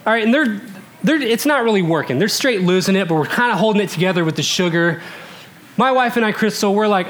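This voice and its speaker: A man in his thirties from Alaska, telling a comic story to a live audience, animated and laughing as he talks, swinging between loud bursts and hushed asides. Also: high voice, a little fast, a little hiss or hum.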